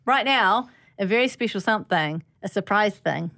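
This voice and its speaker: A woman's voice: medium pitch, lively intonation, moderate pace, a bit bright. A woman hosting a podcast, chatting casually and laughing often. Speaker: podcast host.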